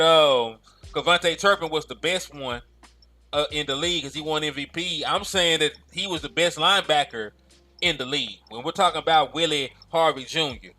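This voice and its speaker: A man co-hosting a casual chat, teasing his partner in an animated way and laughing a lot. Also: a little high.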